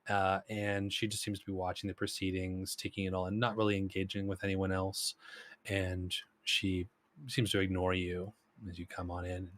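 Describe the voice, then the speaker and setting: A man's voice: low voice, completely flat delivery, normal speed, a bit bright, no room sound. A man running a tabletop game as game master, narrating loosely with many fillers. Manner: rambling, lots of fillers.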